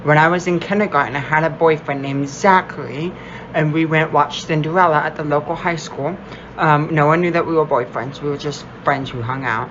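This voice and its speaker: A man gently telling a heartfelt personal story to camera. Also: a little high, muffled recording, slight background noise. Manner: soft, heartfelt, reflective.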